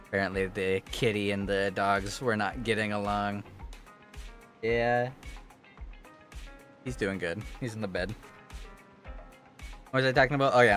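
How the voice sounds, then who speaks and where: A man's voice: on the low side, fairly bright tone. A man streaming a game, tired and sleepy, rambling in casual chat and swearing freely. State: sleepy and worn out.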